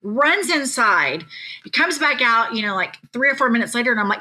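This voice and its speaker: Bright-voiced Oklahoma woman, wry storyteller. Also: a little high, lively intonation, fairly quick. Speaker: reality show cast member, guest. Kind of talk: casual chat, storytelling.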